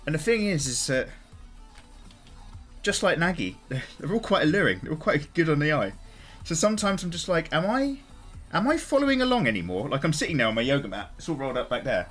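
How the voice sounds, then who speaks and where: A man's voice: on the high side, big pitch swings, a little fast, a bit bright, soft background music. A man chatting casually on a live stream while he draws, greeting viewers and swearing freely.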